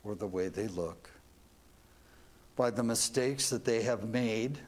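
A man's voice: on the low side, slow pace, a little mellow. A man telling a devotional story as a sermon, earnest and reflective, ending with questions to his listeners. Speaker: preacher.

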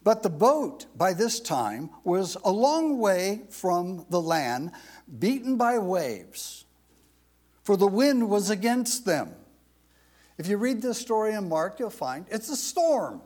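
A man's voice: high voice, very animated, slow, darkish tone. A man preaching a sermon, reading scripture aloud and repeating phrases for emphasis. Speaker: pastor.

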